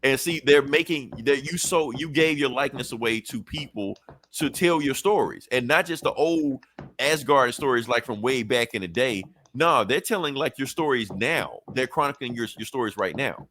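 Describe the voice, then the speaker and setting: A man co-hosting a podcast, casually recapping a comic with animated, profane retellings. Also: mid-range voice, normal speed, slight background noise. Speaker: podcast co-host.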